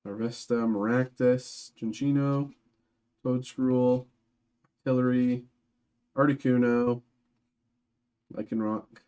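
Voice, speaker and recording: A man's voice: medium pitch, steady tone, takes it slowly, pauses often, mellow, clear, resonant tone. Rambling young man opening card packs. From Massachusetts, outside Boston. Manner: rambling, many fillers and restarts. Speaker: card break host. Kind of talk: casual live-stream chat while opening packs.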